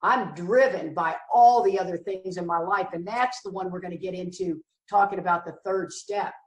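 A woman's voice: lowish voice, moderate pace, far from the mic. Blunt, joking woman in an echoey room. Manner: emphatic, blunt and wryly joking. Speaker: recovery meeting speaker. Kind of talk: candid recovery talk.

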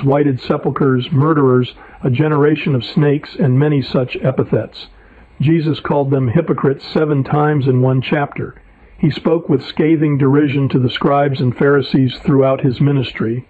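A man's voice: medium pitch, dry recording. A man preacher reading his own sermon paper aloud, emphatic and indignant. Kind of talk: read sermon narration. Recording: tinny phone-like audio.

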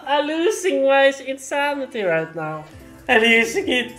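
A woman's voice: high voice, sing-song, a little slow, fairly bright tone. A woman in her late twenties, a gaming YouTuber reacting live to a subscriber milestone, exclaiming, laughing and repeating herself. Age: late 20s. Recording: echoey room with faint music.

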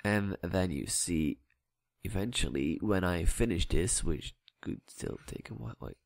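Rambling man narrating his game build, low voice, dry close sound, chatty and self-mocking. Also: lively intonation, unhurried, creaky, dry recording. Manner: rambling, chatty, mutters at himself with filler words; plays with a vague put-on accent. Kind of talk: casual gameplay building commentary.

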